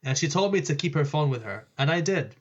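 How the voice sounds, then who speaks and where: A man from Lebanon, a podcast guest telling stories in a casual, animated way, laughing and swearing freely. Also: fairly high pitch, a little fast, muffled recording. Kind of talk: casual storytelling.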